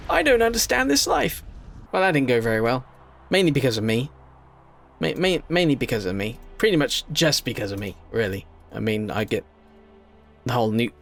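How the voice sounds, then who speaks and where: A fairly high-voiced man commentating a battle game, excitable and chatty. He talks straight to the units on screen, jumping from loud outbursts to quiet muttering asides, with faint music underneath. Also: gravelly. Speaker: gameplay commentator. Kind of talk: casual gameplay commentary.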